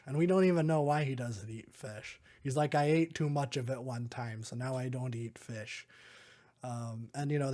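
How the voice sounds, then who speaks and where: A man's voice: on the high side, darkish tone. A man hosting a podcast, casually recapping a movie in a rambling way, chuckling often and filling his talk with "like". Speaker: podcast host.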